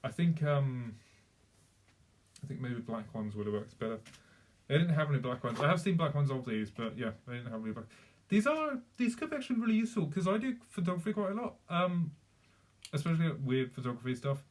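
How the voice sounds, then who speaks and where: A man's voice: fairly high pitch, very animated, a little fast. A young man chatting casually on a live stream, rambling with many fillers and restarts.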